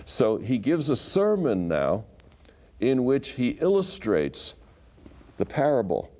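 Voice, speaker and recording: A man, a Bible scholar and guest, teaching scripture in conversation and acting out the quotes in a lively way. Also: medium pitch, takes it slowly. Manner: animated storyteller who acts out quotes.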